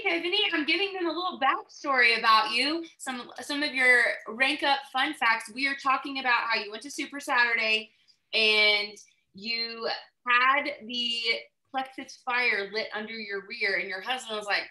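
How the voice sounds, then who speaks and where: A bright, forceful woman talks to her team over a video call. She keeps the energy high and checks in with "right?" after every few lines. The sound is echoey, as if she is in a bare room. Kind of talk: motivational call talk.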